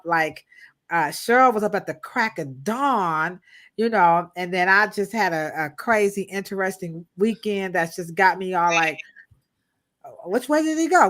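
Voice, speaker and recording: A woman co-hosting a live stream with a bright, forward voice. She talks loosely and playfully to her viewers. Her speech is full of slang and laughter. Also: medium pitch. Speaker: co-host. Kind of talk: casual live-stream chat.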